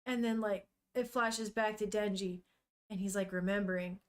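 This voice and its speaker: A woman's voice: medium pitch, steady tone, normal speed. A young woman streamer chatting casually and emotionally while reading a comic aloud, swearing now and then. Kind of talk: casual live-stream commentary.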